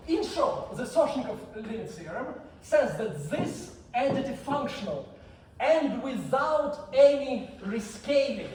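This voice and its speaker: Male lecturer with a high voice who repeats points for emphasis, recorded from afar with a faint hum. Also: lively intonation, unhurried, a little mellow. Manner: repeats key phrases for emphasis. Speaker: conference speaker. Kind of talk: mathematics lecture. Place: lecture hall. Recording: echoey hall, mic far off, faint hum.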